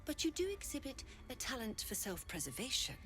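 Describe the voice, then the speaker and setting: A cold, haughty druid leader whose pitch swings widely as she hands down terse, commanding pronouncements. Faint game music sits behind her. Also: sing-song, a little fast, fairly bright tone.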